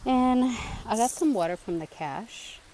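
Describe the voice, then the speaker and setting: Woman vlogging her hike outdoors, slow easy talk, kinda winded, faint noise behind. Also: on the high side, expressive, warm tone. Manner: chatty, easily delighted narration to camera. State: out of breath while climbing. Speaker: hiking vlogger. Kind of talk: casual trail vlog. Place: outdoors on a mountain trail.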